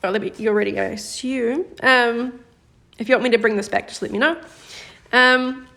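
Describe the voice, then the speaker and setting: Teaching Korean on a live stream, this woman has a slightly high, light voice that is gravelly and sharp, with fairly even intonation. She encourages viewers patiently, cheering them on by name, and slows right down for each example sentence.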